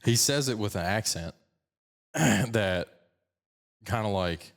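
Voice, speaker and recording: A man from Colorado with a slight picked-up Southern twang, hosting a podcast in fast, animated casual chat. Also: on the low side, gravelly. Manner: fast-talking, animated storyteller. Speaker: podcast host.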